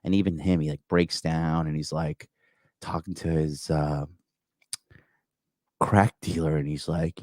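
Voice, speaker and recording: A man in his thirties hosts a call-in livestream, rambling crudely and casually with lots of "like" and "you know" as he reads viewer comments. His voice is extremely low, a little mellow, slightly slow, and fairly even in intonation. The studio sound is clean with no echo.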